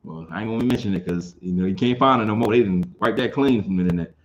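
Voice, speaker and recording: A man's voice: lowish voice, quick pace, highs cut off, slight background noise. Emphatic man teaching a Bible class. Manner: emphatic, repeats phrases, keeps asking "you understand?". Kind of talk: informal scripture teaching.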